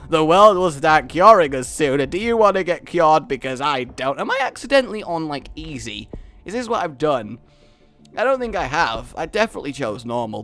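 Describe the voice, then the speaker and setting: A man's voice: on the high side, expressive, a little fast, faint music behind. A man from Scotland doing joking let's-play commentary, talking to himself and the game and laughing often. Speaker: gaming YouTuber.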